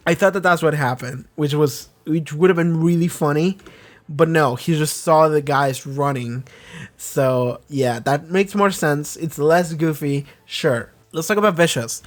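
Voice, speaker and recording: A young man giving casual, excitable commentary on an anime episode, swearing freely and piling up fillers and restarts. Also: fairly high pitch, normal speed. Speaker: anime reaction host.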